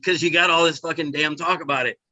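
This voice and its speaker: A man's voice: fairly high pitch, steady tone, quick pace, sharp tone, dry recording, poor audio. A man co-hosting a casual online chat show, rambling and profane, often checking in with "right?". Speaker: podcast co-host. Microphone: remote voice chat.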